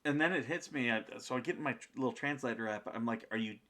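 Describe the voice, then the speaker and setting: Guy spinning a story on a podcast, acts out the other people, lots of um and you know, mid-pitched. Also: fast talker. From United States. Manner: animated, acts out the people in his story, many fillers. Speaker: podcast guest. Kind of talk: casual storytelling.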